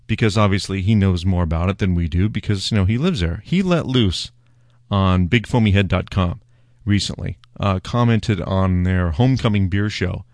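Wry low-voiced man hosting a beer show. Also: moderate pace, a little mellow, dry recording, clean studio sound. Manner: rambling, wry, self-mocking. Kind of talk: casual solo beer-tasting talk.

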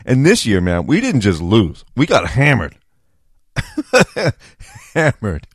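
A man's voice: medium pitch, wildly swooping pitch, takes it slowly, slightly rough, no echo, clean studio sound. Chatty, laughing male podcast host. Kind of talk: casual podcast monologue.

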